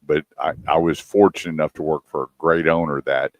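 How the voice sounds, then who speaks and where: A man with a very deep voice, hosting a radio talk show in a dry, close studio sound. He spins a casual story and acts out what each person said. The voice carries a host's easy, conversational ease. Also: brisk, no room sound, muffled recording. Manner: animated storyteller acting out quoted dialogue.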